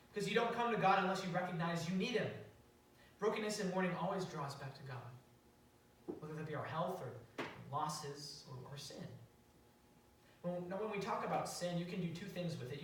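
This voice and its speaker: A young man with a high, slightly bright voice preaches in a church sanctuary, telling a story casually with fillers and restarts. The hall is very echoey, the mic sits far away, and there's slight background noise.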